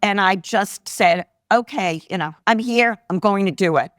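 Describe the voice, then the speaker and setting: This studio-quality clip, with no echo, features a sixties-aged woman whose mid-range voice moves at a moderate pace. As an investor guest in a live podcast interview, she shares lively personal stories and performs the voices she quotes. Laughter from a live audience can be heard behind her.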